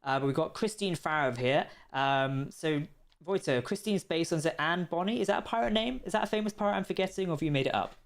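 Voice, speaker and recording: A man's voice: on the high side, animated, fast talker, vocal fry. A man hosting a livestream of a video game, chatting casually and laughing often. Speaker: community manager hosting a livestream.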